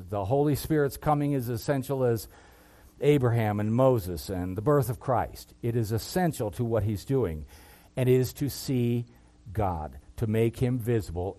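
A man preaching a sermon, reading scripture and building to loud, impassioned peaks before dropping low and quiet. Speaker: pastor.

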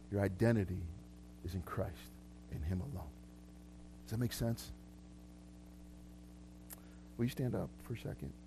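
A man's voice: lowish voice, slight background noise. A man preaching a sermon as pastor, talking conversationally with repeated words and frequent laughs. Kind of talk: sermon with prayer ministry.

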